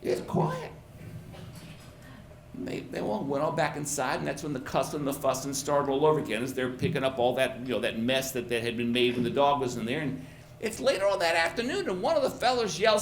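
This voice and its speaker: A middle-aged man spins a folksy tale on a pub stage, his voice swooping high and low as he repeats words for effect. He sits a little high for a man. The room is roomy with a faint crowd murmur. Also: expressive, fairly quick, a little hiss or hum. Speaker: storyteller. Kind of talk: live personal storytelling. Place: pub stage before an audience.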